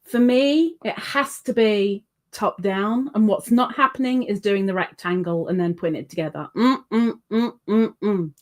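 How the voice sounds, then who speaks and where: A woman's voice: medium pitch, moderate pace, few pauses. A woman hosting a casual livestream, chatting, reading viewer comments aloud and laughing often. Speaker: livestream host.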